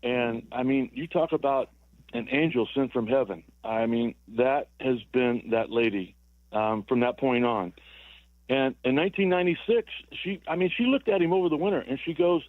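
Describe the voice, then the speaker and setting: A man's voice: medium pitch, moderate pace, no echo. A man in his sixties, a former ballplayer calling in to a sports radio show, telling rambling stories with repeated words and chuckles. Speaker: former baseball player guest. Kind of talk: phone-in storytelling on sports radio. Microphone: telephone. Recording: tinny dry phone line.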